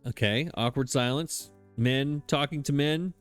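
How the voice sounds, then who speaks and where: A man's voice: on the high side, takes it slowly, smooth, soft background music. A man hosting a cozy farming game let's play, chatting casually and joking about the story with frequent laughs. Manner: jokey, self-deprecating, laughs often. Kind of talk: casual gameplay commentary.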